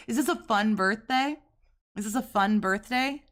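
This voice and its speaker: A woman's voice: mid-range voice, expressive, moderate pace. A woman in her forties giving crude, sarcastic, scornful commentary over clips. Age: 40s.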